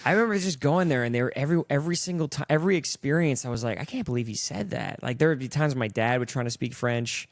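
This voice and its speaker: A man's voice: medium pitch, fast, few pauses, no echo, clean studio sound. A young man hosting a podcast, talking loosely with plenty of swearing and acting out the people he quotes. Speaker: podcast host. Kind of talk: casual chat.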